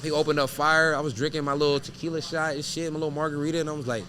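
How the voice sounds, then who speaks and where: A man who is a professional fighter, guesting on an interview show and telling animated, profane stories that act out each scene. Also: fairly high pitch, very fast, a little hiss or hum. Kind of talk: casual storytelling interview.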